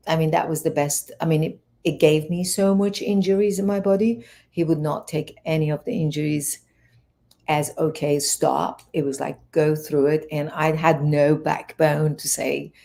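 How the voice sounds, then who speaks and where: A low, gravelly woman from Iran tells her story as an interview guest. Her voice is dark and mellow. She rambles, restarts and acts out the people she quotes. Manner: rambling, animated retelling with many restarts. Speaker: guest, fitness and wellness coach.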